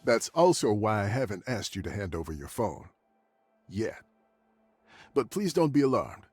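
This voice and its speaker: A man voicing a therapist character in a video game, calm, measured and formal. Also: on the low side, husky, no echo, faint music behind. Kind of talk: scripted video game dialogue.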